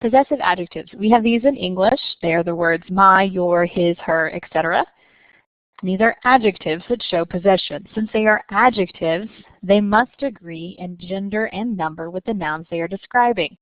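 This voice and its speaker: A woman's voice: mid-range voice, dry recording. Woman teacher, patient explainer, dry close sound, slightly dull recording. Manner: clear, patient explaining with slow stressed examples. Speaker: French teacher. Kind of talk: recorded lesson narration.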